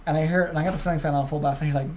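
A man's voice: fairly high pitch, steady tone, rapid-fire, a little mellow, a little hiss or hum. A young man co-hosting a podcast in casual chat, laid-back and swearing a lot, calling his friend bro and dude. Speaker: podcast co-host.

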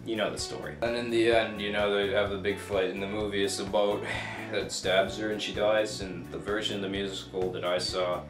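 A man's voice: lowish voice, flat delivery, brisk. A young man casually rambling through a jokey retelling of a story, often breaking off mid-thought. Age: young adult. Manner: rambling, self-interrupting, jokey. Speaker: student video maker. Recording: echoey room with music.

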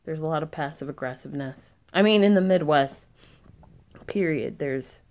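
Low-voiced irritated woman venting. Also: normal speed, a little mellow. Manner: irritated, venting, swears often. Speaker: vlogger. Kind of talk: casual vlog chat.

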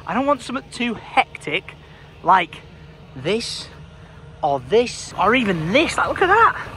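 A man's voice: sits high, very animated, a little slow, pushed and bright, slight background noise. A young man, vlogging casually with family and joking around playfully. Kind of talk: casual vlog chat.

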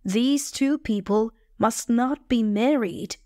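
Storybook: woman reads a composed male lawyer, slow, dry. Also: on the high side, darkish tone, dry recording. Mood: firm. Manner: plain, slow, measured reading. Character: calm formal male lawyer.

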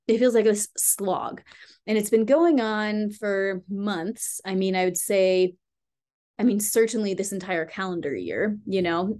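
A woman spiritual healing teacher with a medium-pitched, slightly mellow voice talks casually in a vlog. Earnest and heartfelt, she rambles while addressing viewers directly, leaning heavily on "like" and "you know."

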